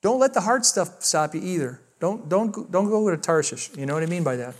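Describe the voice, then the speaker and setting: Male pastor, high and very lively voice, animated storyteller who acts out every exchange, then prays. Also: fairly quick. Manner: animated, acts out dialogue with big pitch jumps. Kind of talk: sermon storytelling and prayer.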